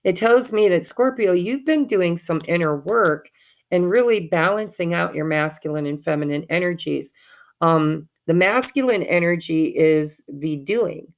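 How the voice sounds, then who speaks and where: Tarot reader, female, low and gravelly, casual encouraging delivery. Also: expressive, measured pace. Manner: chatty, encouraging, spiritual. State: has the hiccups.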